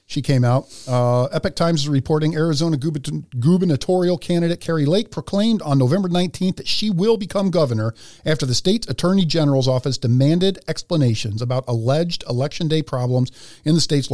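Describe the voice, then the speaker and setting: A man's voice: fairly high pitch, a little mellow, dry recording, clean studio sound. A man co-hosting a podcast in casual chat, rambling and laughing as he talks, sometimes reading news items aloud. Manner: rambling, laughs between words. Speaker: podcast co-host.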